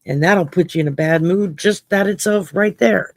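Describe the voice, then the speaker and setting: Her voice is on the low side, slow and full of pauses, captured in a dry recording. A Cajun woman from Louisiana, she reads cards for viewers on a relaxed late-night stream, full of salty humor, free cussing, and frequent laughter.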